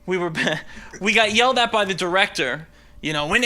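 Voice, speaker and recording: A Brooklyn, New York stand-up comedian with a high, very bright and forceful voice works through an animated routine, dropping into quick character voices. Later he chats casually as a guest in an interview.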